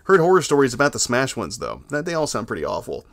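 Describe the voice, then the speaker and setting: A man in the middle of the male pitch range hosts a casual livestream. He reads viewer messages aloud in a laid-back, crude way. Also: huge pitch swings, fast talker, fairly bright tone. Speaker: livestream host. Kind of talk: casual livestream chat reading donations.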